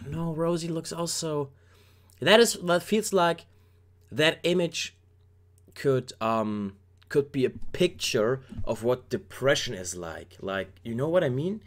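Lively man reacting playfully. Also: fairly high pitch, slow. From Germany. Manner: playful, rambling, joking, talks straight to viewers. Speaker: K-pop reaction YouTuber. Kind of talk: casual reaction commentary.

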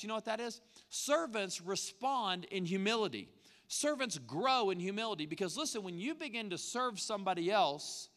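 A man delivers a sermon in a high, bright voice. He talks with animation and slips into the voices of the people he quotes. The sound carries a long reverb from the church hall. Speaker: pastor. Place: church sanctuary.

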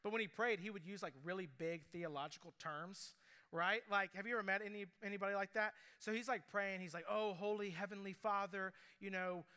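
Man, pastor, sermon, storytelling with asides, high bright voice. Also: a little fast, clear, resonant tone.

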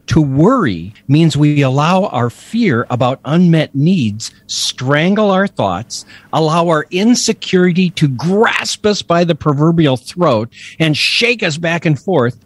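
A man's voice: fairly high pitch, no echo. A man co-hosting a faith podcast, teaching scripture with emphatic enthusiasm and frequent laughs. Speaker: podcast co-host, Bible teacher. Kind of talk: casual teaching chat.

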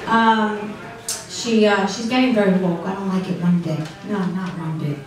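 A middle-aged woman doing a stand-up comedy set with dry, deadpan delivery and audience banter. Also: mid-range voice, normal speed, crowd noise. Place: comedy club stage. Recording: echoey club room from far off, noisy.

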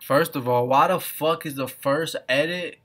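Loud music plays behind a man whose voice sits on the high side and who speaks unhurriedly. As an off-camera reaction-video host, he delivers casual commentary, laughing often, swearing heavily, and mocking what he sees.

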